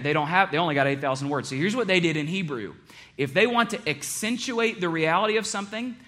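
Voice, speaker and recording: A man preaching a sermon to a congregation, joking one moment and hushed and earnest the next. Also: on the high side. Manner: animated, joking, with big swings between loud and hushed. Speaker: pastor.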